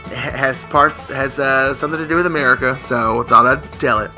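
A man's voice: mid-range voice, a little fast, sharp tone, faint music behind. A man co-hosting a radio comedy show, telling jokes in a rambling, playful, teasing way. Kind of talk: joke-telling radio banter.

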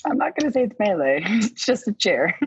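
A woman's voice: mid-range voice, very animated, a little fast, husky, dry recording. A woman playing a tabletop game, swearing and laughing freely as she chats. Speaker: player. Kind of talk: casual tabletop game chat. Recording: dull lo-fi sound.

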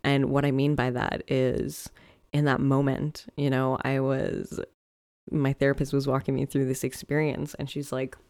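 Creaky-voiced man musing candidly. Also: medium pitch, completely flat delivery, normal speed, a little mellow, no room sound, studio quality. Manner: casual, candid, swears often, many "like" fillers. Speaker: podcast host and coach. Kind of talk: reflective solo podcast monologue.

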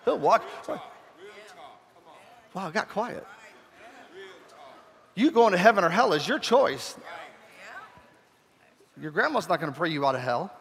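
High-voiced pastor in an echoing hall. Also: male voice, sing-song, a little slow, gravelly, pauses often, fairly bright tone. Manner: humorous, conversational, self-deprecating. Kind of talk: storytelling sermon. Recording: long reverb of a large hall.

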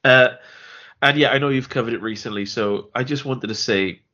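A man's voice: mid-range voice, normal speed, bright, forceful tone, muffled recording. A man co-hosting a film podcast in a casual, rambling way, often repeating words and laughing as he talks. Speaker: podcast co-host.

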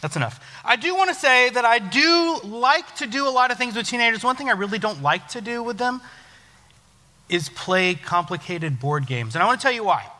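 A man's voice: extremely high pitch, normal speed. A young adult man, a youth pastor, giving a casual, joking sermon in a church hall. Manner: joking, self-deprecating, lively storytelling. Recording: long church hall reverb.

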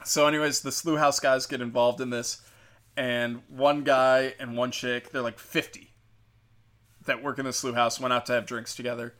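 A man's voice: medium pitch, flat delivery, normal speed, a bit bright. A man hosting a podcast, telling a show's story in a rambling, profane, joking way. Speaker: podcast host. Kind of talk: casual rambling show recap.

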